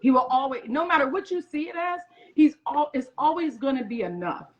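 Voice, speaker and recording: High-voiced woman telling an animated story. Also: a little fast. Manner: animated, acts out others' lines in quoted voices. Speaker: guest chef. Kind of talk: casual interview storytelling. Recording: muffled lo-fi audio.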